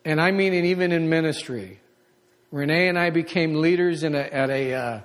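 A man preaching a conversational sermon, animated and acting out the voices of people he quotes. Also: on the high side, moderate pace. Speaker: pastor. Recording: long hall reverb.

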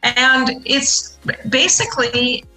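Bright-voiced middle-aged woman explaining earnestly. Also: high voice, slow, soft background music, rough recording. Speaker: guest. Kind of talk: interview answer.

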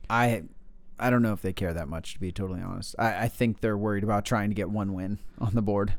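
A man's voice: lowish voice, steady tone, fast talker, dry recording. A man in casual fantasy football chat, blunt and opinionated, stammering on restarts. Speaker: podcast co-host.

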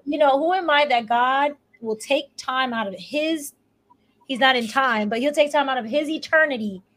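Brief: reflective woman co-host, a bit high-pitched, heartfelt and halting. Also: a bit bright, poor audio. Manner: heartfelt, reflective, hesitant starts. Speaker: podcast co-host. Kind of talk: casual faith podcast chat.

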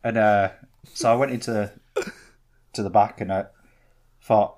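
A man talks in a low, easygoing voice. He co-hosts a casual chat podcast and tells stories in a dry, unhurried way. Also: fairly even intonation, a little mellow. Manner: laid-back storytelling, dry humour. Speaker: podcast co-host. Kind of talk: casual banter.

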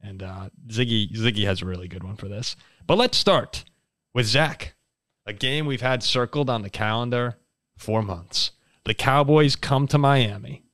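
A man hosts a casual sports podcast and tells stories in an animated way, breaking into laughter often. His voice sits at an ordinary middle pitch. The sound is dry and close, with no room echo. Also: normal speed. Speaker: podcast host.

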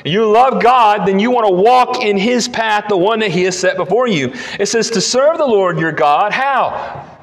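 A man preaching a sermon as pastor, emphatic and repeating key phrases, dropping low and slow when he reads scripture. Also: expressive, long reverb tail.

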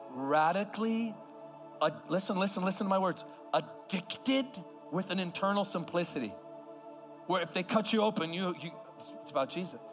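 A man preaching an impassioned sermon as a guest speaker, swinging from loud cries to hushed words. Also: fairly high pitch. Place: large church hall.

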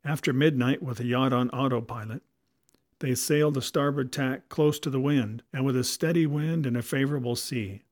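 Casting: male audiobook narrator, mid pitch, measured delivery, close dry recording. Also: no room sound.

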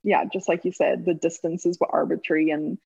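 A woman's voice: low-pitched, steady tone, fairly quick, gravelly, darkish tone, slightly rough, muffled recording. A woman of about thirty from South Africa, with a South African accent now tinged with a Southern US twang, chatting in an interview and laughing often. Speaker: interview guest, former college runner. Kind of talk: casual interview chat.

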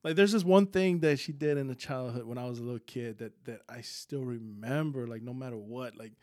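A man's voice: medium pitch, fairly quick, darkish tone. A man telling a personal story as a podcast guest, talking in casual slang, laughing often and restarting his sentences.

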